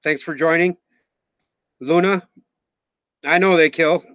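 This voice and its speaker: A man's voice: on the high side, steady tone, slow, a bit bright, no echo. Rambling Minnesotan man in his forties. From Minnesota, USA. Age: 40s. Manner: rambling, joking, swears casually, reads out viewer names. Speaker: live stream host. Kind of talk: casual live stream chat. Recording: slightly muffled, dull sound.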